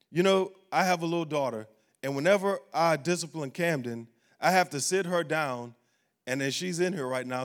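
In a church sanctuary, a male pastor preaches emphatically in a voice a bit higher than most men's. He drives each point home by repeating key phrases.

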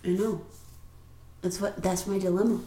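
A woman co-hosting a casual podcast, telling stories with animated retellings. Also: mid-range voice, normal speed. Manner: animated storyteller, acts out quoted people loudly. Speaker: podcast co-host. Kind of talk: casual chat, storytelling. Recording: echoey room.

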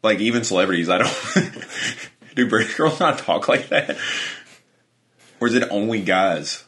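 A young man with a lowish voice talks loosely on a podcast, rambling through crude jokes. His sentences are full of "like" and restarts. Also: lively intonation, unhurried, a bit bright. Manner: crude, joking, rambling with frequent fillers. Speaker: podcast co-host. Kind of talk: casual chat.

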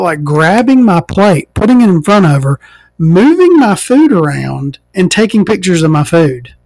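A woman's voice: fairly low pitch, very animated, moderate pace, a little mellow, no echo. An American trans woman hosting a podcast, ranting casually and sarcastically with a lot of swearing. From United States, inland. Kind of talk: casual comedic rant monologue.

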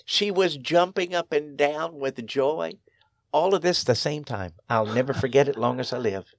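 A man's voice: on the high side, normal speed, creaky, no room sound, studio quality. A man, a pastor, telling stories in an interview in an earnest, emphatic way, his voice rising sharply on key phrases. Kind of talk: storytelling interview.

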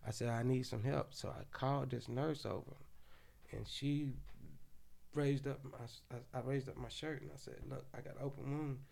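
A middle-aged man with a gravelly, fry-edged voice tells a story as a podcast guest. He talks loosely and profanely, circling back with "you know what I'm saying" and "this, that, and the other." His voice sits at an ordinary middle pitch. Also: fairly even intonation, moderate pace, darkish tone. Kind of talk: storytelling in casual chat.

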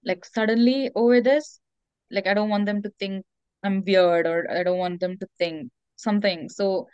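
Woman talking earnest n reflective, smooth voice, kinda dull lo-fi sound. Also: medium pitch, fairly even intonation, normal speed, a little mellow, no room sound. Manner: earnest, reflective, many fillers. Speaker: interview guest. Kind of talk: candid conversational interview.

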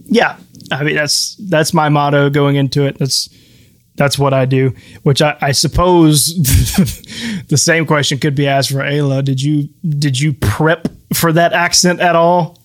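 A man's voice: on the high side, measured pace. A man co-hosting a podcast, chatting casually in a loose, rambling way and running the game as its master. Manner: easygoing, rambling with restarts and laughs. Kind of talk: casual chat.

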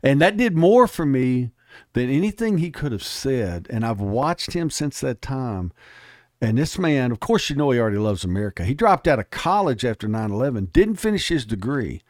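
A man's voice: medium pitch, sing-song, normal speed, a little mellow, no echo, studio quality. A man speaking as an interview guest, emphatic and plainspoken, telling stories in casual talk.

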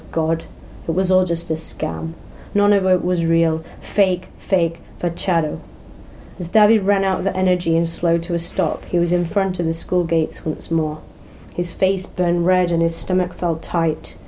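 Mellow low-voiced woman narrator. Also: flat delivery, unhurried, slight background noise, rough recording. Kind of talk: audiobook narration.

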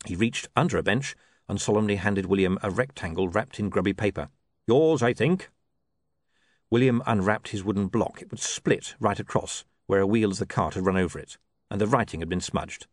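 A man's voice: low voice, brisk, no echo. A man reading a comic novel aloud as narrator, with wry, dry storytelling. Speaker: audiobook narrator. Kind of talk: scripted narration.

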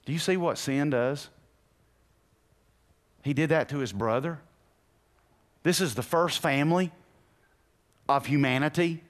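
Fervent higher-voiced male preacher. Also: unhurried, pauses often. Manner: dynamic preaching, swinging between hushed and loud; quizzes the congregation with questions. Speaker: pastor. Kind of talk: sermon.

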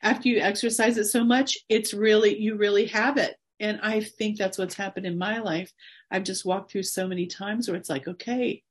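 A woman in her forties, interviewed as a guest, talks earnestly and encouragingly about her faith, laughing softly now and then. Her voice is medium-pitched with a breathy edge.

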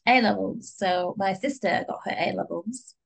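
A woman's voice: mid-range voice, normal speed, creaky, husky. Wry woman chatting. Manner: chatty, wry and exasperated, with laughter. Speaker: podcast co-host. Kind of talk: casual chat.

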